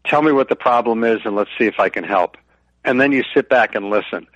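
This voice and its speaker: A man's voice: mid-range voice, fast talker, a bit bright, no echo. Male radio guest, middle-aged, earnest, stumbles over openings; dull lo-fi remote line, dry. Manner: earnest, repeats words when starting thoughts. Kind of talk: business radio interview.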